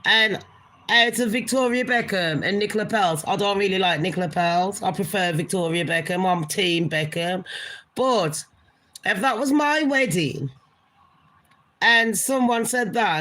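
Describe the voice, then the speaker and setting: A woman with a medium-pitched, slightly bright voice hosts a casual celebrity gossip livestream, blunt and chatty, swearing freely and addressing her viewers directly.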